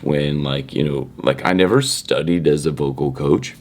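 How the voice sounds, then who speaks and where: A man's voice: sits low, animated, a little slow, few pauses. A middle-aged man teaching singing in a casual, conversational way, now and then demonstrating tones and moving about the room. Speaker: vocal mentor. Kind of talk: casual vocal lesson to camera.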